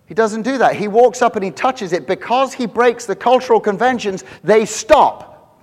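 Middle-aged male pastor, a bit high-pitched, chatty and self-deprecating in the pulpit; the church hall rings behind him. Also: moderate pace, slight background noise. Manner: conversational and joking, self-mocking. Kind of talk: sermon.

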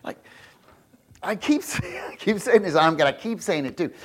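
A male preacher giving an animated, jokey sermon, often laughing and checking in with the crowd with quick rhetorical questions. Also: high voice. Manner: animated, asks the crowd frequent "right?" questions.

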